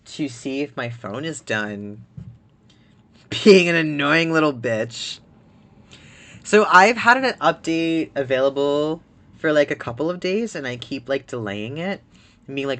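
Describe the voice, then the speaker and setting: Chatty streamer with a bright voice. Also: mid-range voice, a little slow. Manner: chatty and rambling, heavy use of "like". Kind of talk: casual gameplay commentary.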